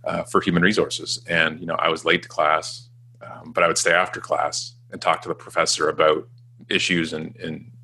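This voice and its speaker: A man's voice: a bass voice, flat delivery, normal speed, gravelly, sharp tone, breathy edge. A Canadian man in his forties, a guest telling his work history in a chatty, self-deprecating way and acting out quoted dialogue. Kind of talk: casual storytelling interview.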